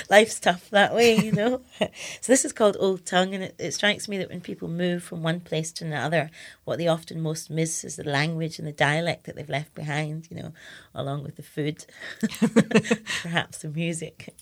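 A woman's voice: deep voice, fairly even intonation, moderate pace. A woman writer and poet from Scotland, talking reflectively and reading her poems in an interview. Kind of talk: radio interview with poetry reading.

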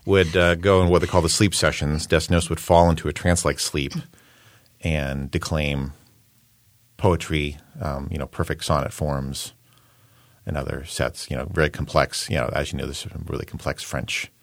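This man has an extremely low, deep voice and speaks in a thoughtful, measured way, often pausing with an um as he explains. He is a poet and translator being interviewed. The sound is dry and close, with no room around it. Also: steady tone, dry recording. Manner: thoughtful, measured, with frequent ums. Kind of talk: interview conversation.

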